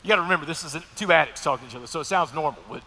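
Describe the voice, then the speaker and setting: A man's voice: a little high, lively intonation, racing, bright, forceful tone, a little hiss or hum. A man giving an earnest personal testimony to an audience at a breakfast event, speaking straight to the crowd. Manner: earnest storytelling, addresses crowd directly. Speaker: guest speaker sharing recovery testimony. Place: large event hall at a breakfast gathering. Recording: echoey hall reverb.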